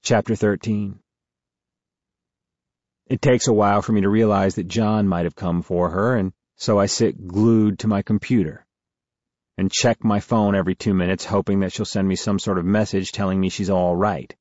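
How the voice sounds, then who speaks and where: A man narrating a first-person novel as an audiobook in a steady, measured way. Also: on the low side, dry recording, muffled recording.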